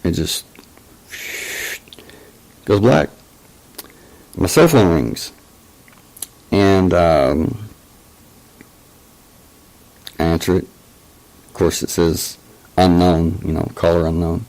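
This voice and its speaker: Man, deep slow voice, halting casual storyteller with lots of fillers. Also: darkish tone, low-quality recording. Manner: hesitant, full of fillers and restarts. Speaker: channel host telling a personal story.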